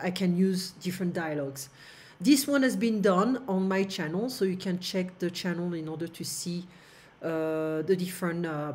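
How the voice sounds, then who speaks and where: A woman's voice: mid-range voice, darkish tone. Teacher lady, talks thru a textbook page, lots of uhs. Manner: explains step by step with many fillers. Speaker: French teacher. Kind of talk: online language lesson.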